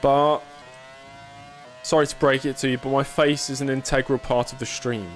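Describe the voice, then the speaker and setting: Casual male streamer, mid-pitched, dry self-mocking wit, chats with viewers while racing. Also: level tone, moderate pace, soft background music. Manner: chatty, answering viewers casually. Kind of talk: live gameplay commentary.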